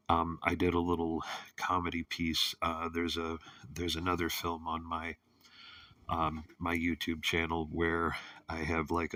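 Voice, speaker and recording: A man's voice: low-pitched, sharp tone, no echo, clean studio sound, distant mic. A man hosting a casual monologue show, rambling with many fillers and restarts, and cracking crude jokes. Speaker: host.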